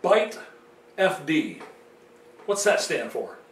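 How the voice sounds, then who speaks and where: A man's voice: a little high, big pitch swings, fairly bright tone, slight background noise, exaggerated voice. A man playing a teasing, nosy interviewer. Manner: teasing, quick questions. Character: curious male interviewer, playful and teasing. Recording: roomy sound from a distant mic.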